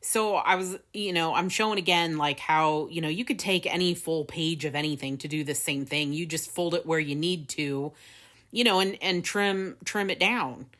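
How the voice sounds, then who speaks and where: A woman's voice: deep voice, moderate pace, a bit bright. Chatty woman hosting a craft tutorial. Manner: chatty, laughs often, many fillers. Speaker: craft video host.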